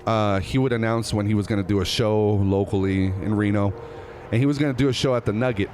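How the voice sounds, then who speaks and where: Low-voiced man telling stories outdoors. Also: fast talker, slight background noise. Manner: animated, rambling, laughs at himself, swears casually. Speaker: comedian guest. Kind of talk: casual storytelling. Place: outdoors on a busy city boulevard.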